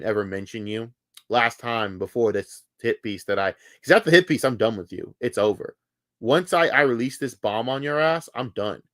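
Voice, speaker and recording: Profane, heated livestreamer ranting. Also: male voice, mid-range voice, dry recording, studio quality. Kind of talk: angry livestream rant.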